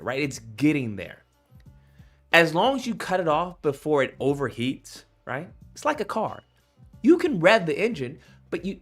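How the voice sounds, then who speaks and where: Animated, cursing man riffing on clips. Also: fairly high pitch. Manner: animated, profane, acts out quoted voices. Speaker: commentator reacting to clips. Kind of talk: casual reaction commentary.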